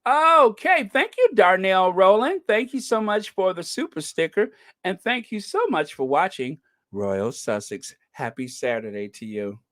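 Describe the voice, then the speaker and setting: Male livestream host, sarcastic gossip, lively swooping pitch, slow unhurried delivery. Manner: sarcastic, gossipy, animated, laughs often. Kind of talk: casual livestream commentary.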